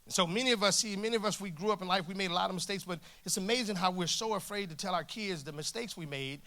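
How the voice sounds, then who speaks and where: A man in his forties delivers a humorous sermon from a church stage, his voice bright and forceful and sitting a little high for a man. He tells his stories with lively, jokey energy, acting out the dialogue as he goes. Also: fast. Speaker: guest preacher. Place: church stage before a congregation.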